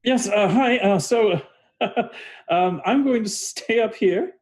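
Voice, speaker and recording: A man voicing a queasy, fretful male stone singer who talks in halting, flustered bursts. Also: sits high, pitched above the performer's own voice. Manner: halting, flustered, full of ums.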